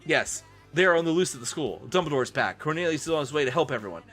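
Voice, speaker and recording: Frantic goth woman professor as a man puts her on, fast, raised voice. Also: a little high, expressive, fairly bright tone, faint music behind, pitched above the performer's own voice.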